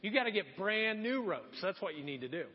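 A man's voice: sits high, big pitch swings, a little fast, slightly rough, heavily acted. A man voicing a strong, boastful young man who answers in an offhand, dismissive way, heard in a dull, echoey church recording.

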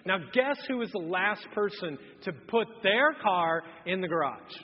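A man in his thirties delivers a humorous, self-mocking sermon, his fairly high, slightly husky voice rising and falling with lively swings. The sound is muffled and rings with long reverb from a large church hall. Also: normal speed, few pauses. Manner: storytelling, animated, self-mocking. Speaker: pastor. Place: church auditorium.

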